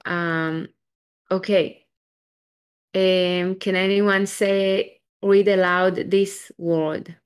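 A woman's voice: mid-range voice, flat delivery, drawn-out words, smooth. A woman from Israel, teaching a live online Hebrew class over a video call, patient and encouraging as she sounds out each letter step by step.

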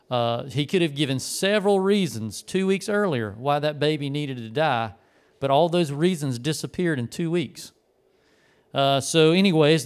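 A man's voice: fairly high pitch, clean tone. A middle-aged man, preaching a conversational, folksy sermon and telling a story. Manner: rambling, folksy, self-correcting.

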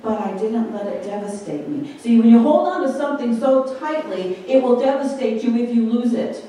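A woman preacher delivers an informal, conversational sermon, often putting questions to her listeners. Her voice is fairly high, animated and dark-toned at normal speed, captured with a distant mic in a very echoey hall with faint room noise.

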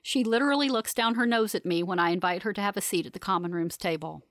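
A woman narrating a first-person audiobook in a steady, composed, unemotional way. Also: mid-range voice, fast, dry recording, studio quality.

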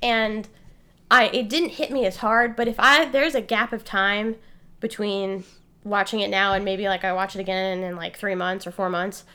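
A woman's voice: mid-range voice, fairly even intonation, normal speed, pushed and bright, clear, resonant tone. A woman in her forties co-hosting a podcast in casual chat, rambling and correcting herself with many fillers. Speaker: podcast co-host.

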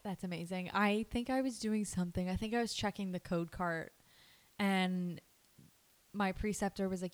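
A young woman in her twenties, a new nurse, chatting casually and laughing often in a bubbly, animated way. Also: medium pitch, moderate pace. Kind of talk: casual chat.

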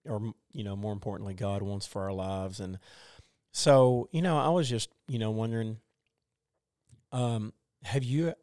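A man in his forties talks through a faith question in a relaxed group chat, stopping and restarting often. His voice is smooth and clear. The sound is close and dry. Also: lowish voice, no echo. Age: 40s. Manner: halting, many fillers and restarts. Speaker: group discussion member. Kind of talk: casual faith discussion.

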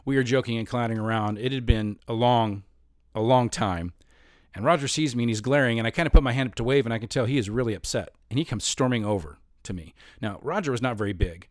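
A man's voice: mid-range voice, quick pace, dry recording, studio quality. A man in his fifties telling a long personal story in a rambling, self-mocking way, often laughing as he talks.

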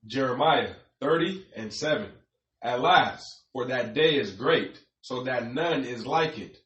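Male scripture reader, steady and plain, muffled echoey recording. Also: medium pitch. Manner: measured, plain, steady reading. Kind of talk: reading scripture aloud.

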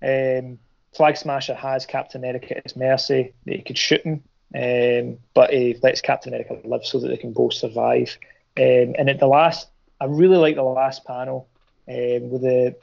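A man's voice: mid-range voice, creaky, darkish tone, slightly rough, lo-fi sound. A man chatting casually about comics on a podcast, hesitant, with many ums and restarts.

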